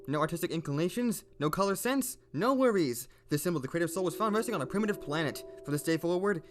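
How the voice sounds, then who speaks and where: A man narrating a video in a casual, partly unscripted read of game text, playful and rambling, often stumbling and correcting himself. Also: high-pitched.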